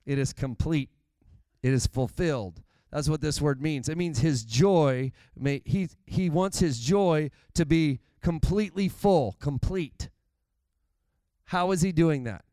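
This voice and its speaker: A man delivers a sermon in a chatty, lively way, dropping asides to the congregation. His voice sits a little high and sounds smooth and resonant. The recording is dry and close. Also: unhurried, no room sound. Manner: conversational and animated, with asides. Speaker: pastor.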